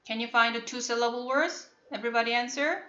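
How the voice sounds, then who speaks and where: A woman leads an online phonics lesson in a bright, slightly high voice. She speaks slowly and patiently, asking the same question again and again to draw out answers. The call audio is echoey and muffled. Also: steady tone. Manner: slow, patient, repeats questions to prompt students. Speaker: English teacher.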